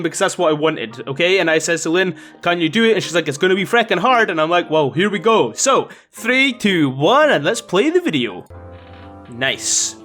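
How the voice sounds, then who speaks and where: A man's voice: high-pitched, fairly bright tone. A man hosting a casual reaction vlog, chatty, laughing often and swearing mildly. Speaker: YouTube host.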